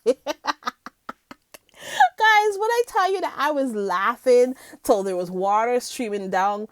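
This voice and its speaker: A woman's voice: fairly high pitch, expressive, takes it slowly, long pauses, clear, resonant tone, no echo. A woman vlogger chatting casually to her viewers about the news, giggling often and filling her talk with ums. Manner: chatty, giggly, lots of fillers.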